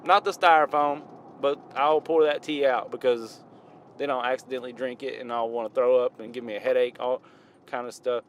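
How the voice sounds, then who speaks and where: A man's voice: mid-range voice, steady tone, brisk, slight background noise. A man with a Southern US accent, rambling casually and correcting himself as he reviews hip-hop outdoors. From American South. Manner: rambling, self-correcting, drawling southern talk.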